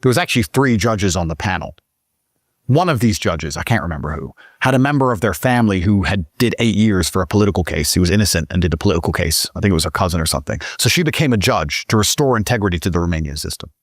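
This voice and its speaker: A man from Britain, a podcast guest telling a story in casual conversation, swearing often and pushing his voice up high when he gets worked up. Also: fast talker, no room sound, clean studio sound. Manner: profane, emphatic, voice climbs high when excited.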